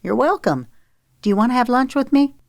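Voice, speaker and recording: A woman's voice: on the high side, animated, a little fast, gravelly, no echo, clean studio sound, pitched above the performer's own voice. Woman voicing a prickly divorced mother. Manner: sharp, defensive, exasperated.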